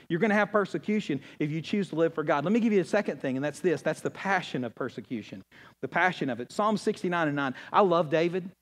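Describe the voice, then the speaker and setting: A man preaching a sermon in a folksy, conversational way, acting out quoted voices and swinging from loud high bursts to low hushed lines. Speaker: pastor.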